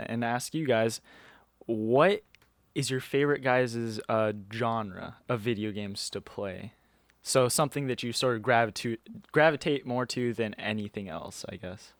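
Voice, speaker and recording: A man's voice: mid-range voice, no echo. A young man co-hosting a gaming podcast, shy and easygoing. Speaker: podcast co-host. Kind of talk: casual gaming podcast chat.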